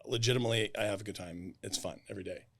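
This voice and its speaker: Male podcast host, casual and animated, jumps into voices when quoting people. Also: lowish voice, racing, creaky. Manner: animated storyteller acting out quotes. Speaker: roofing salesman, podcast host.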